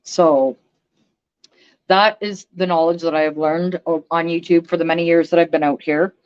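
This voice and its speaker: A woman's voice: fairly low pitch, steady tone, moderate pace, clean tone, highs cut off. A woman ranting bluntly on a casual livestream, swearing and speaking emphatically. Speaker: vlogger.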